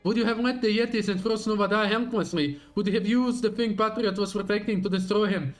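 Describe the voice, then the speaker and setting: A gentle but resolute young heroine, read aloud by a man streaming a game. She speaks earnestly and at an even pace, pressing her questions. Quiet game music sits faintly beneath. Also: high-pitched, brisk, natural voice.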